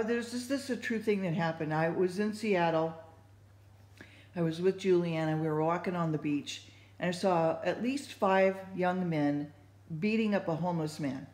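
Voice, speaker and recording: A woman's voice: lowish voice, darkish tone. A woman sharing her faith thoughts in casual, rambling talk, full of fillers and restarts. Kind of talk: casual spoken reflection. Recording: echoey room.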